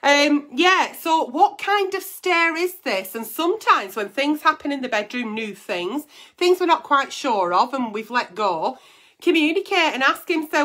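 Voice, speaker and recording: A woman's voice: high voice, lively intonation, measured pace, a bit bright. A woman hosting an advice show, blunt and teasing, swearing freely in casual comic chat.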